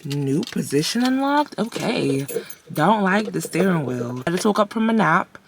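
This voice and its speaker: A woman's voice: fairly low pitch, sing-song, measured pace, vocal fry, very noisy. A young woman chatting casually to her viewers from her car on the way to the gym, upbeat and talkative. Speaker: vlogger. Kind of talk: casual vlog chat.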